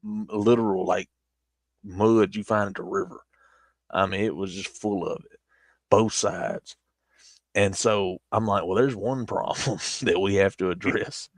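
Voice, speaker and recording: A man's voice: fairly low pitch, steady tone, measured pace, dry recording, clean studio sound. Laid-back Southern man telling a story. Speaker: streamer. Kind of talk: casual storytelling.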